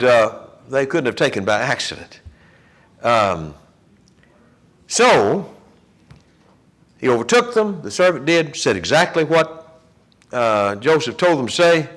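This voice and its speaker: A man leads a Bible class in a church classroom, telling the story with plenty of life. His voice sits a little high for a man and rises and falls a great deal as he acts out what each person says. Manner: lively storytelling, acting out quotes.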